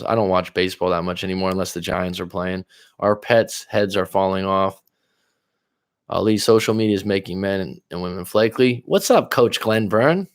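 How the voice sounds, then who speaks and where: A man's voice: sits low, clean tone. A man from California, hosting a casual live stream as a relationship coach, reading viewer comments aloud and answering them in a loose, rambling way. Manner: loose, rambling, with fillers and restarts.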